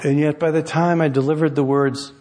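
A man, an author, reading his own essay aloud in a wry, measured storytelling manner. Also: fairly high pitch, level tone, in a large hall, heavy background noise. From United States.

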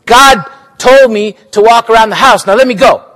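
A man reading aloud who voices a determined young girl, urgent and pleading, raising his voice high and loud in a live fiction reading. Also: steady tone, moderate pace, long reverb tail, close to an everyday voice.

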